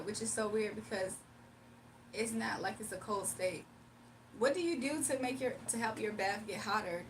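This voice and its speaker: A woman's voice: medium pitch, fairly bright tone, recorded from a distance, a little hiss or hum. A young woman hosting a casual livestream, playful and laughing as she talks to her chat. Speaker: livestream host.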